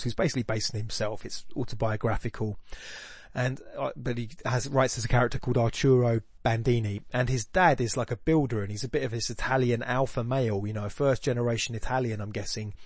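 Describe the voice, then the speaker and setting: A man's voice: medium pitch, no room sound. Man musing over a dry close mic. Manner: thoughtful, rambling, with many restarts. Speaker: podcast host. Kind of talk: casual reflective monologue.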